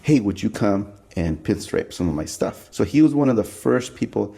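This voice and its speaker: A man's voice: normal speed, creaky, husky. A man as a podcast guest, telling his story in a loose, chatty way and acting out the people he quotes. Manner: animated, acts out quoted people with jumps in pitch; loose and chatty, many "like" fillers. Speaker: podcast guest, pinstripe artist. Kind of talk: casual storytelling conversation.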